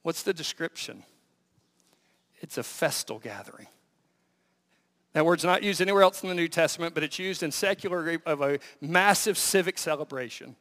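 High-voiced pastor guy preaching, lots of questions, booming then quiet, big echoey church. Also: lively intonation, normal speed. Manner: emphatic, rhetorical questions, swings from loud to hushed. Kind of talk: sermon.

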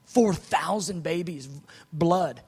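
Guy preaching in a big echoey hall, kinda high voice, goes quiet then loud telling his story. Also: slow, breathy edge. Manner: animated storytelling, swings from soft asides to loud outbursts. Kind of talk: sermon testimony. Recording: long hall reverb.

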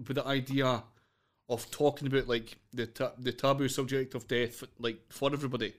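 A man hosting a podcast in casual chat, relaxed, laughing along and guiding the talk. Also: medium pitch, a little fast. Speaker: podcast host.

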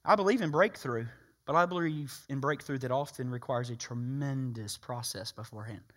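A man preaching a sermon, emphatic and animated, acting out people's voices. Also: medium pitch, moderate pace.

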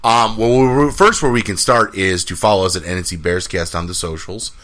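A man's voice: sits low, brisk, fairly bright tone. A man co-hosting a casual sports podcast, joking around and laughing often. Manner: laughs often, jokey, does voices from movies. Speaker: podcast co-host.

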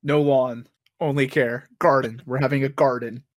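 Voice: mid-range voice, steady tone, dry recording. A podcast co-host in casual chat, talking bluntly and ranting with lots of swearing. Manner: blunt, profane, quick to rant.

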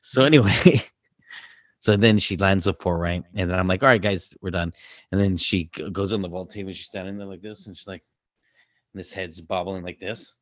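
A man co-hosting a casual coaching podcast, telling a story with lively, acted-out quotes. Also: deep voice, moderate pace, no room sound. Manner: animated storyteller, acts out quotes loudly. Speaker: podcast co-host, gymnastics coach.

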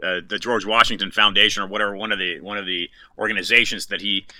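A man interviewing a guest, halting, with many fillers and restarts. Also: fairly low pitch, steady tone, bright, forceful tone, no room sound, rough recording. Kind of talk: casual interview.

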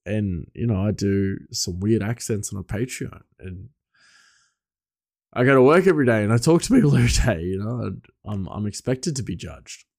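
A man's voice: lowish voice, animated, normal speed, vocal fry, a little mellow, no echo, studio quality. A man who works as a chef, telling a personal story in a casual, rambling way with lots of fillers. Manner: rambling, many fillers and restarts, laughs often.

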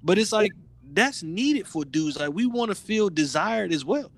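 A man co-hosting a podcast, talking in a slangy, animated way with lots of restarts. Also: sits high, measured pace, vocal fry. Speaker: podcast co-host. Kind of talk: casual chat.

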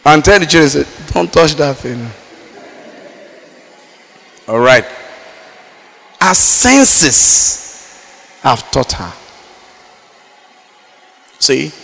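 A man from Nigeria preaching a sermon, swinging between loud emphatic lines and low quiet asides. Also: expressive, very slow, creaky, pauses often. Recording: reverberant hall.

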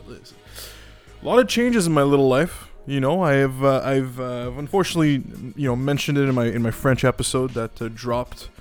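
A man's voice: mid-range voice, darkish tone. A man hosting his own podcast, talking casually in a rambling, joking way with frequent swearing, fillers and restarts. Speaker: podcast host. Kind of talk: casual solo podcast monologue.

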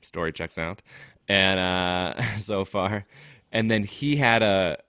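A man's voice: sits low, slow, clean tone, no echo, clean studio sound. A young man casually telling a story on a podcast, laughing often and acting out what others said. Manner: animated storytelling, laughs often, quotes people. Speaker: podcast co-host.

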